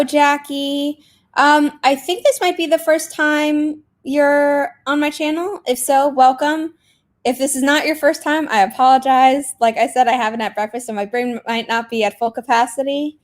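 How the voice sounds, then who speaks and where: A young woman hosting a casual writing livestream, chatty, greeting viewers with lots of fillers. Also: fairly high pitch. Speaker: livestream host. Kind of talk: casual chat on a writing sprint stream.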